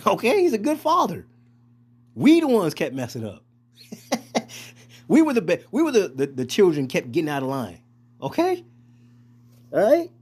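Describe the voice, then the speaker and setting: A man casually preaching and reading scripture aloud, with profane, street-style, animated talk. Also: on the high side. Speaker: scripture teacher.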